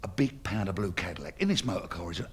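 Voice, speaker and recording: A man's voice: sits low, lively intonation, quick pace, husky. A middle-aged man telling crude, swear-filled jokes on stage and voicing each character himself. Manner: crude, swearing, playing every character in the joke. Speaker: comedian. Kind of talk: stand-up joke telling. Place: live comedy stage before an audience.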